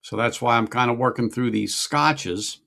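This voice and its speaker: A man's voice: medium pitch, moderate pace, vocal fry, sharp tone. A middle-aged man chatting casually on a whiskey-tasting livestream, musing aloud and greeting viewers. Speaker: livestream host.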